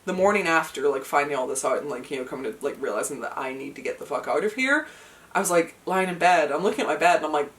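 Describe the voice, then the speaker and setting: A woman's voice: low voice, animated, fast. Woman, young adult, casual vlog, emotional, filler-heavy, nervous laughs, slightly distant mic. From United Kingdom. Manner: chatty, emotional, many fillers, laughs through hard moments. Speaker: vlogger. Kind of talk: casual chat to camera. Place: at home, indoors.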